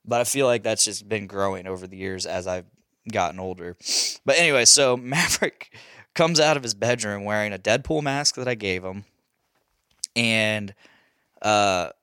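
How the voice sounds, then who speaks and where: Telling a laid-back story as a podcast host, this young man speaks at a normal speed in a lowish, clean-toned voice. He's lively, laughs a lot, and swears constantly, captured in a dry, clean studio recording.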